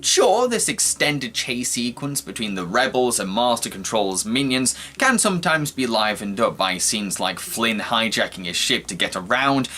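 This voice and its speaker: A man narrating a scripted film review in a measured, earnest and analytical way, as a voice-over. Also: medium pitch, pushed and bright.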